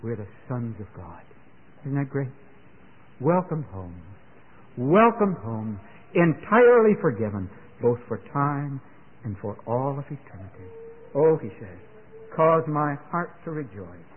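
A man's voice: medium pitch, animated, unhurried, breathy edge. An older man preaching a sermon in an earnest way that builds to fervent exclamations. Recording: tinny phone-like radio broadcast.

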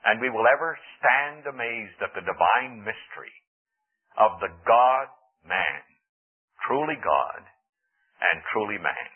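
Man preaching on the radio, earnest storytelling, kinda raspy, tinny sound. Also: fairly low pitch, lively intonation, slow pace, long pauses. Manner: earnest, dramatic storytelling with rising emphasis. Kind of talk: radio sermon.

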